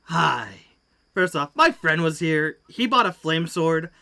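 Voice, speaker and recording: A player in a tabletop game, animated and laughing between lines. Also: mid-range voice, takes it slowly, creaky. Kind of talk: in-character tabletop play.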